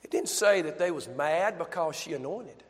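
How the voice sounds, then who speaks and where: A man's voice: fairly high pitch, lively intonation, moderate pace. A male pastor preaching a sermon emphatically, asking his congregation questions, heard with long reverb in a church.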